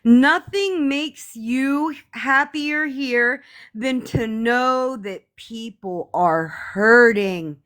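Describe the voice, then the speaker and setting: A woman on a live stream, ranting to her viewers in a heated, profane, sarcastic way, often slowing down to stress her words. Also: fairly high pitch, fairly bright tone. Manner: slow emphatic pauses.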